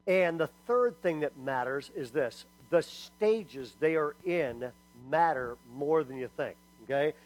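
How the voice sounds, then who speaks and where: A man's voice: on the high side, slow, hardly any pauses, low-quality recording. A middle-aged man preaching a sermon as a pastor, telling stories with acted quotes and joking asides to the congregation. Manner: lively storytelling with acted quotes and asides to the crowd.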